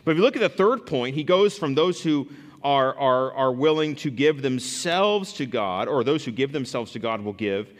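A man preaching a sermon as pastor, earnest and lively, often restarting phrases as he explains scripture. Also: medium pitch, normal speed, big-room sound.

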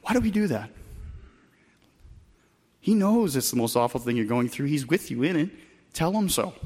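A man preaching a sermon with emphatic delivery, moving between loud bursts and quiet, soft passages. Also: sits high, big pitch swings, moderate pace, pauses often, long reverb tail. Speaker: pastor.

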